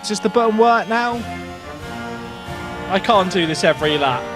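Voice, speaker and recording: A young man streams a racing game, cracking jokes and yelling at the cars on screen. His voice sits high and swings widely in pitch, with faint game music underneath. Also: moderate pace. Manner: excitable, jokey, shouting at the screen. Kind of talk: live gameplay commentary.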